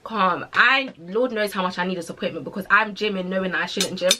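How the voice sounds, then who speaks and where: Telling a story to her podcast audience, a young woman from the UK in her twenties chats casually in a British accent with London slang. She speaks a little fast, her mid-range voice carrying a sharp tone.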